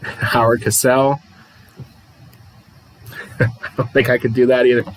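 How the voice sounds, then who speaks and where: Calling a tabletop wrestling card game play by play on his livestream, a Pittsburgh-area man reads chat, chats freely and keeps laughing at himself. His mid-range voice barely moves in pitch and runs a little slow, captured on a rough recording.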